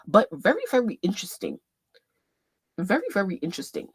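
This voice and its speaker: A woman hosting a casual fan livestream, thinking aloud as she scrolls and reads posts, swearing freely and bursting into loud laughs. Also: medium pitch, big pitch swings, a little fast, breathy edge, dry recording. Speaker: livestream host.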